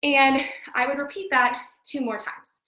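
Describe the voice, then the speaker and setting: A woman's voice: sits high, steady tone, a little slow, bright, forceful tone, recorded from a distance. A woman fitness coach, a bit winded, giving upbeat form cues while exercising at home. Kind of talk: live workout instruction. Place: home room. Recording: echoey room, voice from off-mic.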